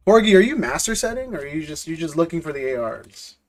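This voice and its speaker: High-voiced joking man streaming live. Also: sing-song, fast talker. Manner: loose, joking, slangy, repeats words. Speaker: live-stream host opening trading card packs. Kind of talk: casual live-stream chat with viewers.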